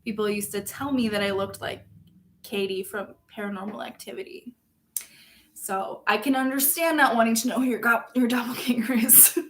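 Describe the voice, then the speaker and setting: A woman's voice: a little high, fairly even intonation, moderate pace, a little hiss or hum. Casual self-deprecating woman streamer. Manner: self-deprecating, laughs often, swings from loud outbursts to soft mumbles. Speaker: streamer reading viewer chat. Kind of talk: casual chat.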